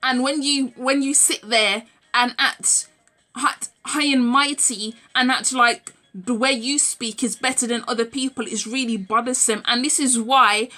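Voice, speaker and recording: A woman's voice: on the high side, fairly even intonation, measured pace, bright, forceful tone, soft background music. A young adult woman vlogging a heated, emphatic rant straight to camera, swearing as she goes.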